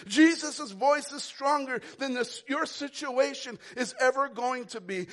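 A pastor preaching a sermon, moving from quiet, low lines to loud, ringing calls. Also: male voice. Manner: preaching with big swings from soft to loud.

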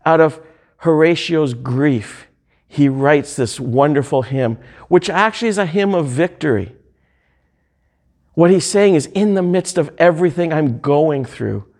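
A man preaching a sermon, reading hymn lyrics and scripture aloud in slow, drawn-out phrases. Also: fairly high pitch, a little mellow.

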